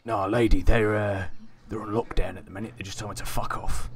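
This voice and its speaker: A man's voice: on the low side, flat delivery, fairly quick, a crowd in the background, natural voice. A man voicing a hardened male cockney gangster in an online game role-play, swaggering and calling everyone mate. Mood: gruff.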